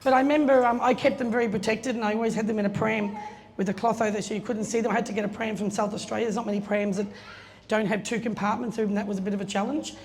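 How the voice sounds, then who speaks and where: Brisk, chatty woman in her middle years telling anecdotes aloud, recorded in a reverberant hall. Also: mid-range voice, fairly even intonation, a little mellow. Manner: chatty, laughing, acts out quoted voices. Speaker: guest speaker telling a story at an opening. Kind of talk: casual anecdotal speech. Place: event space. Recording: long reverb, faint room noise.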